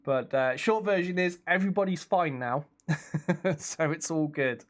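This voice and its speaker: Playing a video game on a live stream from home, a young man talks in a chatty, casual way at a measured pace. His voice is slightly high-pitched, and he reacts aloud to every turn and reads viewers' chat messages back to them.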